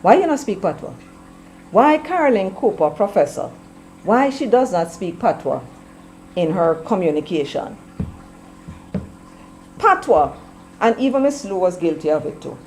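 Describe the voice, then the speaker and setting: A woman's voice: mid-range voice, very animated, measured pace, long pauses, darkish tone, a little hiss or hum, low-quality recording. Scolding Jamaican woman commentator. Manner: scolding, full of rhetorical questions; switches between English and patois. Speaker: political commentator. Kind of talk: opinion commentary to camera.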